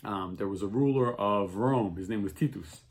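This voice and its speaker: A man teaching an informal religious class, telling stories with growing excitement and checking in with "okay?" and "right?" all the time. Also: on the low side, moderate pace. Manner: animated storytelling, voice rising with excitement. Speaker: Torah teacher.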